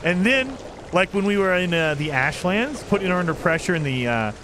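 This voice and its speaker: A man's voice: sits high, animated, fairly quick, background noise. A man streaming a game live, chatting with his viewers and laughing often as he plays. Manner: chatty, laughs often, talks to chat while playing. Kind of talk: casual live-stream chat.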